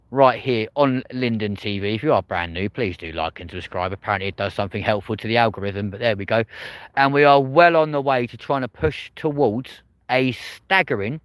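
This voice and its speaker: A man's voice: medium pitch, no echo. A man with a southern English accent, hosting a casual night-time livestream outdoors, rambling and swearing freely as he chats. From England. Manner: rambling, swears freely, repeats "but there we go". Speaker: livestream host. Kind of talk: casual live-stream chat.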